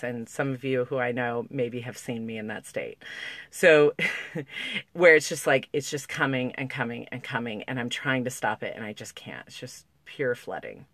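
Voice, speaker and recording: A woman's voice: very deep voice, a bit bright, no echo. Emotional woman vlogging to camera, close to tears, rambly with likes and restarts, pretty dry close sound. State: on the verge of tears. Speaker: parenting vlogger. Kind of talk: casual talk to camera.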